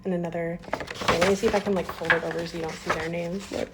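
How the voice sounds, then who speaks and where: A woman's voice: fairly low pitch, level tone, quick pace, very noisy. A young woman talking casually to her phone camera at school, emotional and close to tears, with lots of fillers. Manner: chatty, fillers, on the edge of tears. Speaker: school aide. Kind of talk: casual vlog. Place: school classroom.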